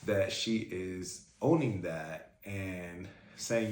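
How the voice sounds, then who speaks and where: A man's voice: deep voice, slow, hardly any pauses, a little mellow, a little hiss or hum. A man hosting a casual album reaction, talking in a chatty, fan-like way with lots of fillers. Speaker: music reaction host. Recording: roomy echo, faint music.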